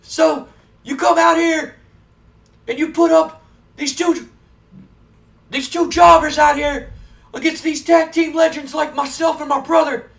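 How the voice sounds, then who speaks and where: A man putting on the voice of a brawny, arrogant tag team wrestler who shouts boastful trash talk. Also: very high voice, steady tone, a little slow, creaky, long pauses, recorded from a distance, voice pushed up, full character voice.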